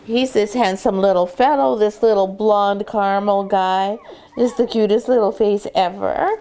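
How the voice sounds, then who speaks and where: A woman dog breeder giving puppy-training advice and weighing puppies in a casual vlog, dropping into a soft coaxing voice with the pups. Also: medium pitch, steady tone, moderate pace, smooth. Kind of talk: instructional vlog, talking to puppies. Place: sitting in a whelping box with puppies.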